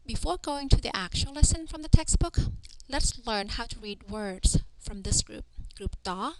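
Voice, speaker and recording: A woman's voice: a little high, animated, normal speed, very noisy. A woman teaching a language lesson as a voice-over, patiently sounding out syllables one by one and often checking in with "okay". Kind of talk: slow spelling-out lesson narration.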